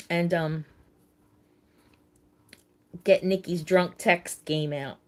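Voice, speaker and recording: Middle-aged woman, livestream host; low-ish voice, very slow, halting and heartfelt. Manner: halting, repeats words, emotional. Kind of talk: casual chat with live viewers.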